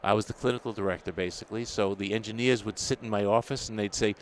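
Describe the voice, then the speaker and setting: A man's voice: on the low side, fast talker, few pauses, a little hiss or hum. An older man from New York City, a dental technology editor, telling stories in a casual interview and acting out the people he quotes. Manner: animated storyteller acting out quoted exchanges, laughs often. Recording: faint ambience at a trade show.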